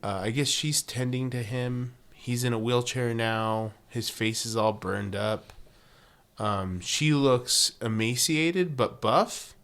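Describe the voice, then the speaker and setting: A man's voice: slow pace, a bit bright. A man co-hosting a podcast, recapping a TV episode in casual chat, laughing often and cracking jokes. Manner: laughing, wisecracking, jumps into high mock voices for quotes. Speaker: podcast co-host.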